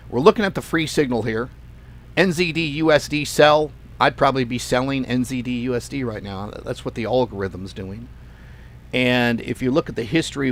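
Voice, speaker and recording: A man hosting a trading channel talks through his screen in a loose, offhand way. He rambles casually and hammers points by repeating words. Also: mid-range voice. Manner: chatty, emphatic repetition, loose and offhand. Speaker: forex trading channel host. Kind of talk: casual live screen-share walkthrough.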